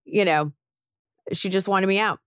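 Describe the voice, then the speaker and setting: A woman's voice: mid-range voice, a little slow, smooth, no echo, clean studio sound. A woman hosting a podcast, telling a story in casual chat and acting out the voices of people she quotes. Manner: animated storyteller who acts out quoted voices. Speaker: podcast host.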